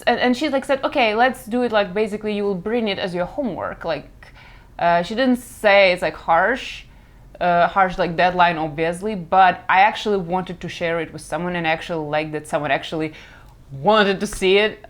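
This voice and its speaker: A young woman with a Russian accent whose first language is Russian, chatting casually about her work in a rambling, frank way that keeps correcting itself. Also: fairly low pitch. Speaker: comic creator. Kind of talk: casual chat.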